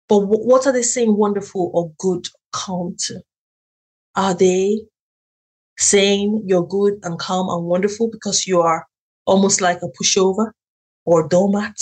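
A middle-aged woman hosting a motivational podcast, animated and preachy, often calling out to her listeners. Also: medium pitch, moderate pace, husky, low-quality recording. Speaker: podcast host.

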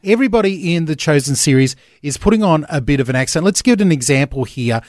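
A man's voice: on the high side, animated, fast, darkish tone, no echo, studio quality. A man hosting a breakfast radio show in a playful, upbeat way. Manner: upbeat, playful, lots of fillers. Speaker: radio host.

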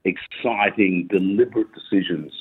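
A man's voice: sits low, slightly rough. Earnest Australian man calling in by phone. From South Australia. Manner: earnest, halting, with many fillers. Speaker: caller. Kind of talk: phone call to a radio show. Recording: tinny phone line.

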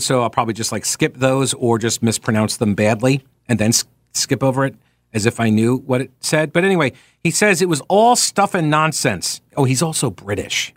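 A man's voice: medium pitch, no room sound. A man hosting talk radio, talking casually and reading quoted passages with sarcastic asides.

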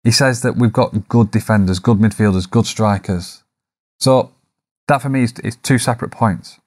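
A man with a somewhat low voice hosts a solo podcast, speaking in a reflective, coaching way. He poses rhetorical questions to his listeners and now and then drops in a self-deprecating aside, with a few fillers along the way. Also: normal speed, a little mellow. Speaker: podcast host. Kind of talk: solo business podcast monologue.

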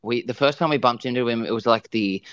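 A man's voice: mid-range voice, fast, fairly bright tone, clean tone, dry recording. Rambling young Australian man, muffled. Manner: rambling, many fillers and restarts. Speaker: musician guest. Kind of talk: casual interview chat.

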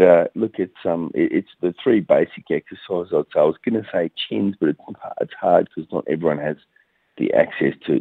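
Australian man on a tinny phone line, very deep voice, laid-back fitness chat. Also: breathy edge, dry recording. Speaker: fitness guest.

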